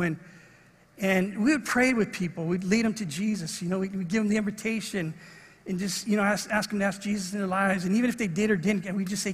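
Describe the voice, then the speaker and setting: A middle-aged man preaching a sermon, telling a personal story in an animated way and acting out the voices of the people in it. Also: high voice, slightly rough. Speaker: pastor. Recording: long reverb of a large hall.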